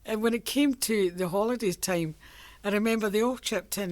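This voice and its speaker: A woman's voice: medium pitch, moderate pace, hardly any pauses, dry recording. Older Scottish woman telling stories. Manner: chatty storyteller, laughs often. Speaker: interviewee. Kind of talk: reminiscing oral history.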